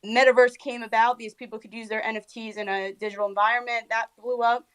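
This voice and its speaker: A woman's voice: a little high, flat delivery, fast talker, fairly bright tone, clear, resonant tone, rough recording. A woman in casual chat, explaining things eagerly with lots of fillers.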